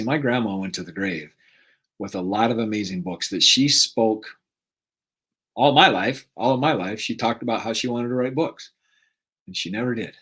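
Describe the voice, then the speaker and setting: A man's voice: on the low side, a bit bright, husky. Earnest man giving a motivational talk. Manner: earnest, repeats questions for emphasis with frequent "right?". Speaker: motivational speaker.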